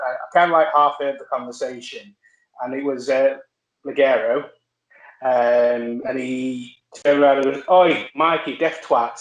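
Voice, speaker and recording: A man telling wrestling stories in casual chat, halting with many fillers and restarts. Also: medium pitch, muffled recording. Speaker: wrestler guest. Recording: roomy echo.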